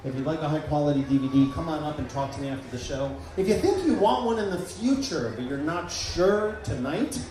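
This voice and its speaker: A man's voice: a little high, lively intonation, brisk, few pauses, a little hiss or hum. Playful stage hypnotist man in an echoey tent. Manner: playful, giving loud repeated suggestions. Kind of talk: live comedy stage show. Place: large fair tent. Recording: echoey tent, mic heard from far.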